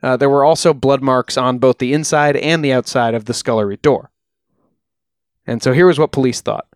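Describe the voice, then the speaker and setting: A man co-hosting a podcast, recounting a true-crime case in a relaxed, chatty way with frequent ums. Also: medium pitch, moderate pace, clear, resonant tone, no echo, studio quality. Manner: relaxed, uses fillers like uh and um. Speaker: podcast co-host. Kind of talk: casual true-crime storytelling.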